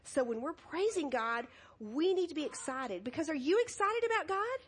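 A woman's voice: high-pitched, normal speed. A woman leading a children's message in church, asking the children questions and laughing often. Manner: animated, laughing, coaxing questions. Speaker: children's sermon leader. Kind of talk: children's message with call and response. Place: church sanctuary.

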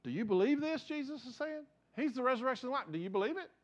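A man preaching a sermon as pastor, telling stories earnestly and dropping from raised emphasis to hushed, quiet passages. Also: extremely high pitch, lively intonation, fast talker. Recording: dull lo-fi sound.

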